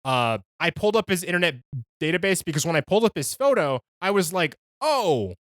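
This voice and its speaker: A man's voice: high-pitched, big pitch swings, a little fast, no room sound, clean studio sound. A man co-hosting a podcast in casual chat, joking and telling stories with frequent laughter. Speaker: podcast co-host.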